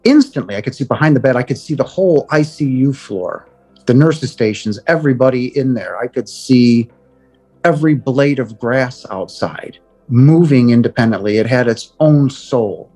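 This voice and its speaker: Earnest middle-aged man, halting testimony. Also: medium pitch, animated, darkish tone, husky, faint music behind. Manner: earnest, halting with repeated words. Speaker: guest telling a near-death experience. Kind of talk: personal testimony.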